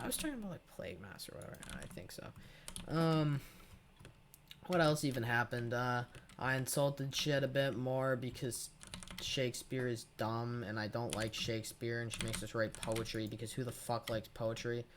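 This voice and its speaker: A man's voice: mid-range voice, moderate pace, slight background noise. A teenage boy giving casual, profane, rambling commentary over his own gameplay, full of sarcastic asides. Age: teens. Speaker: gaming channel host.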